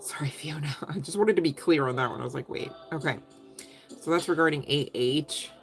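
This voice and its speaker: A woman's voice: low-pitched, fast talker, faint music behind. A woman doing a casual live tarot reading, chatty and giggly, speaking straight to her viewers. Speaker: tarot reader answering live chat.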